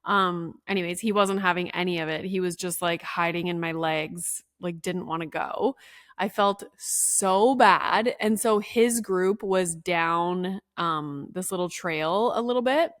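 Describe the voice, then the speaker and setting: A woman's voice: fairly low pitch, fairly even intonation, moderate pace, fairly bright tone, no room sound. Chatty woman telling a story, dry close sound. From Canada. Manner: chatty, many "like"s, acts out quoted voices. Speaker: podcast host. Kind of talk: casual solo podcast storytelling. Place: room at home.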